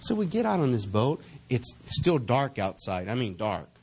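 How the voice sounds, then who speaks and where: A middle-aged male pastor delivering a sermon, his pitch swinging widely as he preaches. He reads scripture slowly, stretching the words as his intensity builds. He calls on the congregation to repeat after him and answer back. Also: very animated, a little mellow, breathy edge. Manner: preaching with swelling intensity, slow drawn-out reading of verses.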